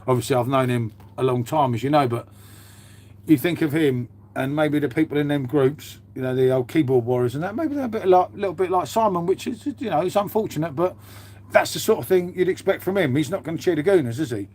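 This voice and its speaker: A man's voice: on the high side, fairly quick, darkish tone. A man, host of his own livestream, chatting casually and swearing freely. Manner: blokey, swears freely, says "mate" a lot.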